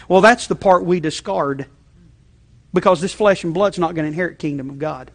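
High-voiced conversational male preacher. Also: fairly quick. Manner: conversational, repeating check-ins, frequent restarts; shifts between loud emphasis and quiet low asides. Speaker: pastor. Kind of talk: sermon.

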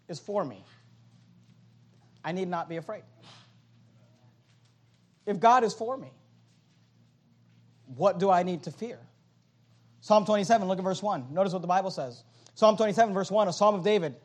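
A man preaching a sermon, reading scripture aloud and asking and answering questions with emphatic, swinging delivery. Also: high-pitched. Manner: reads scripture aloud, swings between loud and soft.

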